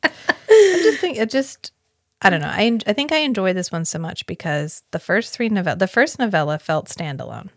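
A woman's voice: on the low side, sing-song, a bit bright, no echo, studio quality. A woman co-hosting a podcast, chatting casually and thoughtfully about a book. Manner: reflective, quotes characters in quick asides. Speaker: podcast co-host. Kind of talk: casual book-club chat.

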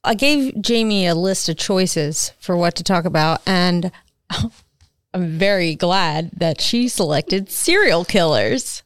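A woman's voice: on the low side, expressive, slow pace, clean tone, no echo. A woman co-hosting a podcast, chatting casually and teasing her co-host. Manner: teasing, joking. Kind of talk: casual chat.

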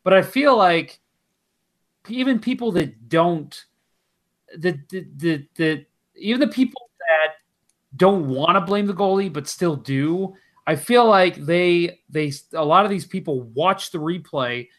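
A man's voice: high voice, expressive, unhurried. A man co-hosting a hockey podcast in casual chat, telling stories and laughing often. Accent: St. Louis. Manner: chatty storyteller, laughs often. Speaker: podcast co-host.

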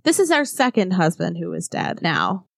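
A woman's voice: on the low side, very animated, moderate pace, gravelly, no echo, studio quality. A woman co-hosting a podcast, chatting casually about a true-crime case with lots of "like" fillers. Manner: conversational, frequent "like" fillers. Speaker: podcast co-host.

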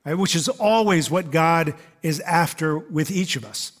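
A man preaching a sermon to his congregation in a relaxed, conversational way, with frequent "uh" fillers and asides to the listeners. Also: high-pitched, moderate pace, few pauses. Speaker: pastor. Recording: long reverb of a large hall.

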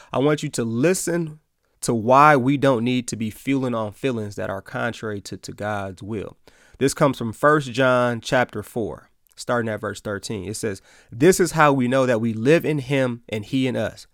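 A man's voice: mid-range voice, gravelly, dry recording, clean studio sound. A man hosting a Christian podcast, giving an earnest, casual devotional talk and reading Bible verses aloud.

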